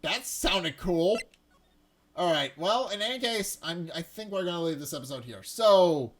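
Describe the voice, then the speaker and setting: A man's voice: high-pitched, animated, moderate pace. A man hosting a let's play, chatting casually about the story he is reading aloud. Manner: rambling, casual. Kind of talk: reading a game aloud with commentary.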